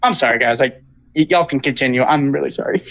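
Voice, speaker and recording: A man's voice: mid-range voice, fast talker, a bit bright, low-quality recording. A young man telling a school story on a casual podcast, ranting and swearing, then apologizing. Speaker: podcast host.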